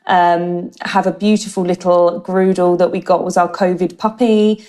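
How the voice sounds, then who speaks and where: A woman's voice: lowish voice, little pitch movement, normal speed, dark tone. A woman in her thirties from England, with an English accent that has a slight Australian lilt, chatting as a guest on a video call with many fillers. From United Kingdom. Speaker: guest, marketing director. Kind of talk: casual interview chat.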